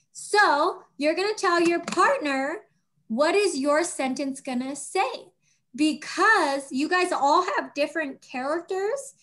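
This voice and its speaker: A woman teaching young children over a video call, patient and encouraging, speaking slowly and clearly. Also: sits high, fairly bright tone.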